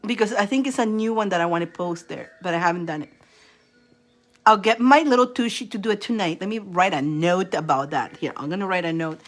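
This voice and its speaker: A woman's voice: fairly low pitch, brisk. A woman on a livestream giving tarot readings, chatting casually and often breaking into fits of laughter. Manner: chatty, rambling with restarts.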